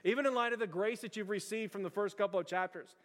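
A man preaching a sermon as pastor, telling stories in an animated, conversational and emphatic way. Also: high voice, fast talker, long reverb tail.

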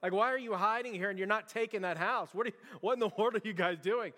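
A man's voice: high voice, a little fast, big-room sound. A man doing a fiery army general, bellowing. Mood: exasperated. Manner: urgent, scolding shouts. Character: fiery male army general, commanding and impatient.

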